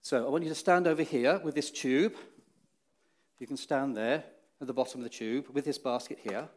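A man preaching a children's talk in church, telling the story with many restarts and swinging between dramatic rises and hushed, solemn drops. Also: medium pitch, moderate pace.

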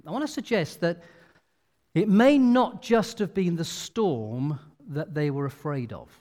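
A man preaching a sermon in an animated, expressive storytelling manner. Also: fairly high pitch, a little slow. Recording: long reverb of a large hall.

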